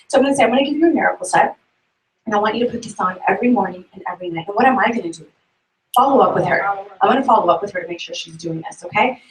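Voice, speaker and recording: A woman giving a sales tip to a group in a brisk way, asking the audience questions as she goes. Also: mid-range voice, expressive. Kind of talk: motivational talk to a group. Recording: echoey room, mic far off.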